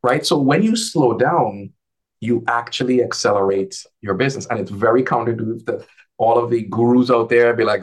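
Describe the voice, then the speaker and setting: A man talking casually as a guest on a video call, an advisor who tells animated stories and acts out the dialogue in a lifted voice. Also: mid-range voice, fairly quick. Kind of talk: casual conversational storytelling.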